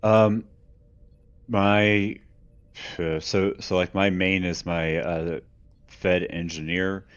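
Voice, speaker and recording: A man co-hosting a casual live chat, playful and wry. His voice is very deep. The audio sounds dull and lo-fi. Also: level tone, takes it slowly, pauses often, clean tone. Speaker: podcast co-host.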